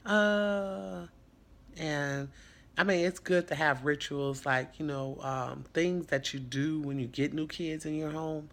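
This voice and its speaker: Bright-voiced earnest man. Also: on the high side, fairly even intonation, slow, creaky. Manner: earnest and reflective, rambling. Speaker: foster parent. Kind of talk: casual vlog talk.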